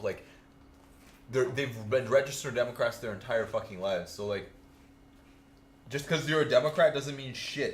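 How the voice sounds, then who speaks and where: A man co-hosting a podcast, chatting casually and bluntly while playing a video game, swearing often. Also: medium pitch. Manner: blunt, heavy swearing, ranting. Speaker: podcast co-host. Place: home streaming setup. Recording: roomy echo, background noise. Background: game sounds.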